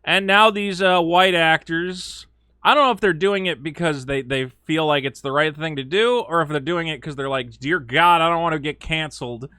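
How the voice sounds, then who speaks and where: A man giving casual opinion commentary as a video host, animated and sarcastic, slipping into mocking quoted voices with frequent fillers. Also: fairly high pitch, moderate pace, smooth, no echo, clean studio sound.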